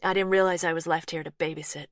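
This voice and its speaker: A woman voicing a softly spoken, anxious American woman with a gentle but firm twang, in an audiobook. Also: deep voice, steady tone, quick pace, no echo, studio quality, lightly acted.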